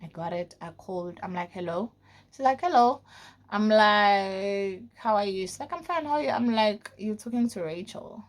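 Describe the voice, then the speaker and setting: A young woman from South Africa telling a personal story in a casual vlog, full of fillers and often dropping to a low, quiet voice. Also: moderate pace. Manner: casual, frequent fillers like "like" and "you know". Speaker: vlogger.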